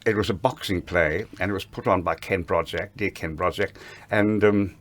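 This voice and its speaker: An older man with a very low voice tells stories from a long stage career. He chuckles often as he goes and briefly acts out the lines of people he quotes. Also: steady tone, normal speed. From Australia. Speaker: guest, veteran stage performer. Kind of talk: anecdotal interview reminiscence.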